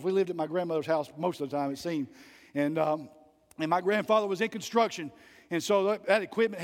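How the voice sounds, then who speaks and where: A man preaching a sermon to his church, telling folksy stories and rising to loud emphatic peaks between quieter asides. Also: sits high, in a large hall. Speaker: pastor. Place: church sanctuary.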